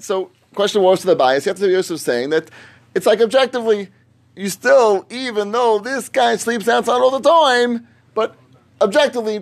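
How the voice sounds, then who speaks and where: A man teaching a Talmud class, reasoning aloud with emphatic, repeated phrases and fielding students' questions. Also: high-pitched. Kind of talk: Talmud study lecture.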